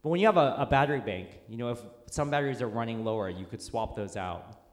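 A man's voice: medium pitch, fast. A man preaching a conversational sermon in a church, talking informally and telling stories with fillers and restarts. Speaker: pastor. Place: church sanctuary. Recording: echoey hall with long reverb.

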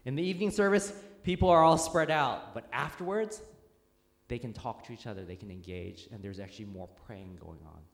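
In a church sanctuary with echoey, long reverb, a pastor preaches a conversational sermon. His medium-pitched voice is brisk, and he tells stories informally, using fillers and restarting sentences.

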